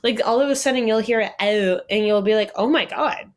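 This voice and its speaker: A woman's voice: medium pitch, quick pace. Chatty young woman co-hosting a podcast. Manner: chatty, laughs often, acts out quoted people. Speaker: podcast co-host. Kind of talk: casual chat.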